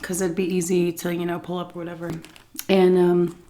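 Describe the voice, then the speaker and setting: Animated, swearing woman telling a story. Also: on the low side, brisk, a little hiss or hum. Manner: animated, profane, clears throat often. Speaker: vlogger. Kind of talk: storytime eating vlog.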